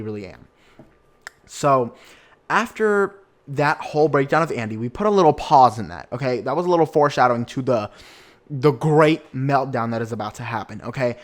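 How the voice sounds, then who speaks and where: A young man hosting a casual podcast, chatty and campy, who slips into put-on voices to quote people. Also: mid-range voice. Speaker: podcast host.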